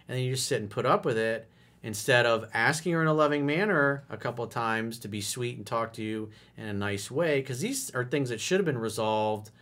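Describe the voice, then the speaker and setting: A man with a mid-pitched voice talks a listener through a relationship problem. He is blunt and direct, swears freely, and lets his voice rise and fall as he acts out what to say. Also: a bit bright. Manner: blunt, direct and profane, acting out lines of dialogue. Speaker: relationship advice host. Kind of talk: advice monologue answering a listener letter.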